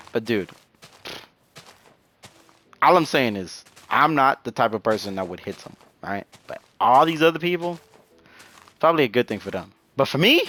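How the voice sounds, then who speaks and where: A young man chatting casually and rambling in slang while he plays a video game. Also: lowish voice. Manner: rambling, slangy, animated storytelling. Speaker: gaming channel host. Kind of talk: casual chat while gaming.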